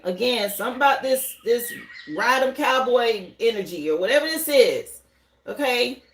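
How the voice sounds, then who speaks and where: A high-pitched woman hosts a live tarot stream from home. She talks loosely and chattily, greeting viewers by name and musing aloud over each card. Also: slight background noise, rough recording. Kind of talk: casual live tarot reading. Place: home livestream setup, burning incense.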